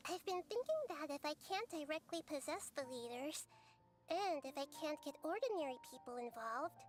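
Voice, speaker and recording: A woman voicing a small, calm goddess of wisdom in a video game, speaking in a measured, gentle way and explaining at length. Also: sits high. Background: game music.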